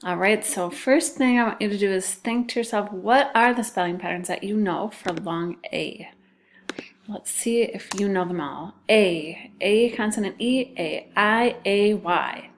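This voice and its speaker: A woman's voice: medium pitch, measured pace. A woman teacher giving a phonics lesson to second graders, patient and sounding out letters and syllables.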